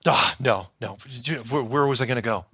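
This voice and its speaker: A middle-aged man casually telling a story from his past, animated and acting out other people's lines. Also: medium pitch, fairly quick, husky, no echo. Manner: animated, acts out quoted voices, laughs often.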